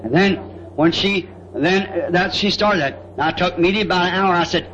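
A man's voice: high voice, normal speed, a crowd in the background. A man preaching a sermon, telling family stories in a folksy way and often asking "See?". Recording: dull lo-fi old tape with faint hiss.

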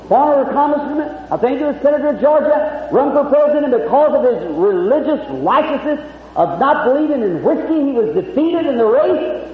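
A man's voice: very high voice, lively intonation, a little fast, a little hiss or hum. A man preaching a testimony sermon at a live meeting, telling his story fervently and acting out the dialogue. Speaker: evangelist preacher. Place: large hall at a revival meeting. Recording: lo-fi phone-like archival recording in an echoey hall.

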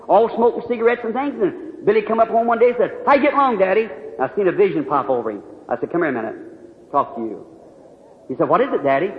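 Preacher guy, high voice, telling stories all fired up, old muffled tape, big echoey hall. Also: a little hiss or hum. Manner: impassioned storytelling preacher, pleading and rising. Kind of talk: sermon. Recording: echoey hall, dull lo-fi archive recording.

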